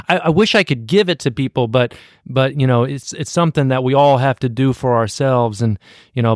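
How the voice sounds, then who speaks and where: A man's voice: medium pitch, no room sound, studio quality. A man speaking as a guest in recovery, sharing earnestly and repeating words as he thinks. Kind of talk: reflective personal sharing.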